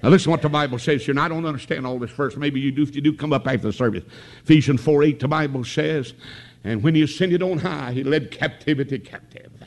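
A man with an Appalachian mountain accent, preaching a revival sermon with folksy stories that break into shouted praise. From western North Carolina mountains. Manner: folksy storytelling that erupts into high shouted praise.

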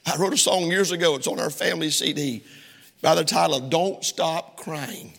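Speaking at normal speed with vocal fry, this middle-aged man's voice sits on the high side with a fairly bright tone. He's a pastor delivering a fervent sermon full of rhetorical questions in a church sanctuary, echoing with long hall reverb.

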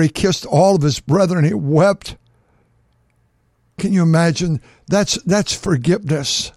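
A male preacher reads scripture aloud and stops to press its meaning on his listeners with fervor, repeating words as he builds. His voice sits high for a man. The sound is dry and close, with no room echo. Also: a little mellow. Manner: fervent, repeats words for emphasis. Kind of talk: sermon, reading scripture with commentary.

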